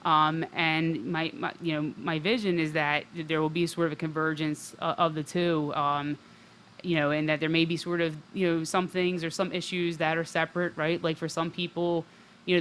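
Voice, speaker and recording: A woman's voice: sits low, little pitch movement, brisk, a bit bright, slight background noise. Chatty woman guest, full of fillers. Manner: chatty, fills speech with "like" and "um". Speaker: radio show guest, recovery advocate. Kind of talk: conversational interview.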